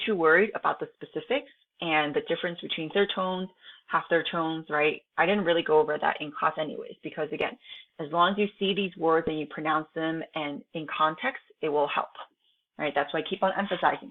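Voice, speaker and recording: A female teacher who is a native Chinese speaker, with a low, gravelly voice, records an online lesson and speaks briskly. She reads the textbook aloud, then chats loosely with her students, tagging "right?" onto her remarks again and again. The home recording is tinny and narrow, almost like a phone call.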